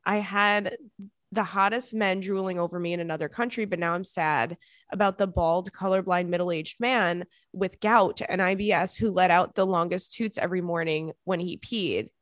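A woman's voice: on the low side, moderate pace, dry recording. Give me a young woman host reading listener stories in a casual, sassy way, recorded dry and close. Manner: animated, sassy commentary with sudden loud reactions. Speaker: podcast host.

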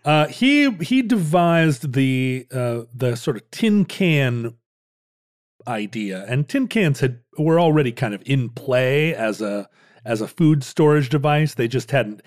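A man's voice: medium pitch, expressive, slow, dry recording, studio quality. Rambling man chatting dryly. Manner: rambling, many restarts and fillers, playful jokes. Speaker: podcast co-host. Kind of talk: casual conversational history chat.

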